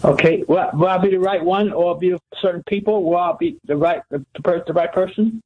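A man calling in to a radio show, halting and hesitant, repeating his words. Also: high-pitched. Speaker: caller. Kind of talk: phone-in call. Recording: dull phone line.

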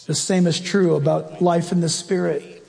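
A man's voice: a little high, steady tone, moderate pace, creaky, darkish tone, big-room sound. A male preacher giving an emphatic, conversational sermon and asking the congregation direct questions.

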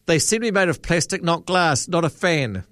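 A man hosting talkback radio with a slightly high voice, musing and unhurried, often trailing off into questions. His sound is dry and close, with no room around it. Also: no echo. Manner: relaxed, musing, hesitant with ums and trailing questions. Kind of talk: late-night talkback radio chat.

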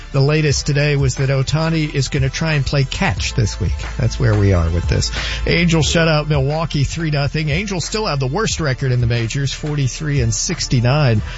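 A man giving a brisk, factual sports update on a radio show. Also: a little high, dull audio. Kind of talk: reading sports scores.

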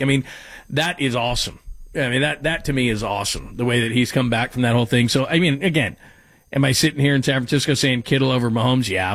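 A man's voice: mid-range voice, a bit bright, dry recording. A man hosting a sports talk radio show, talking casually and rambling through listener texts and stories. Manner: rambling, conversational, self-deprecating.

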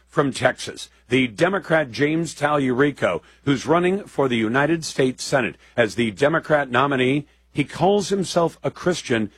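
Husky, dry-voiced male talk host. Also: medium pitch, dry recording. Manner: combative, emphatic. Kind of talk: political commentary.

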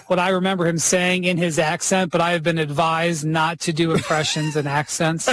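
A man's voice: on the high side, little pitch movement, moderate pace, fairly bright tone, dry recording. A man co-hosting a casual podcast, joking with playful asides.

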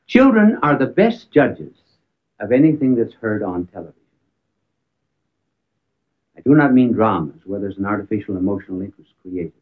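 A man giving a talk on public speaking, telling an anecdote with emphatic rises and sudden quiet drops. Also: on the low side, very animated, normal speed, pauses often. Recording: tinny phone-like band, old archive recording.

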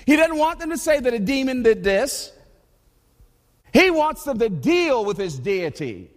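A man preaching a sermon in a conversational, animated way, often restarting his sentences. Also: extremely high pitch, in a large hall. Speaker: pastor. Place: church.

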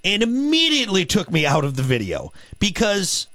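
A man co-hosting a radio show tells a story in a casual, comic way, stopping and restarting often. His voice sits a little high and swings widely in pitch. The studio sound is dry and close. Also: dry recording. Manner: animated, halting storytelling with many fillers and restarts. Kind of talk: casual comedic radio banter.

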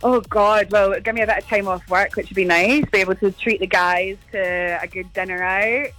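A woman's voice: mid-range voice, steady tone, moderate pace, a bit bright, faint music behind, poor audio. A woman with a Scottish accent calling in to a radio quiz from her workplace, giggly and cheerful. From Scotland. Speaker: radio caller. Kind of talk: phone-in quiz. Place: workplace with colleagues.

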